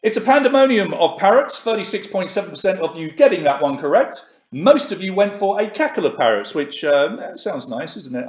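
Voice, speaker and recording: A man's voice: sits high, very animated, fairly quick, few pauses. Chatty male quiz host, echoey room. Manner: chatty, reads questions and options twice. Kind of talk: live online quiz hosting.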